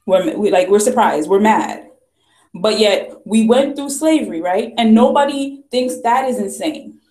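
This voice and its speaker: A woman's voice: medium pitch, unhurried, darkish tone. Woman ranting on her vlog, keeps repeating herself, asks question after question, echoey room. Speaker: vlogger. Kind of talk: ranting commentary.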